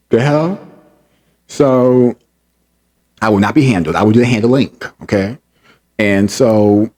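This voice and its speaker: Low husky voice, wide swings in pitch, heated storytelling man, repeats for emphasis. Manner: animated, acts out quotes, laughs, emphatic repetition. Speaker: channel host recounting an incident. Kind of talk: heated personal storytelling to camera.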